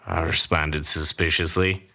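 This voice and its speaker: A man's voice: very deep voice, level tone, unhurried, creaky, pushed and bright, heavily acted. A man playing a grizzled old cowboy who tells a comic tall tale in a folksy, boastful, rambling way. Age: older. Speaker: storyteller.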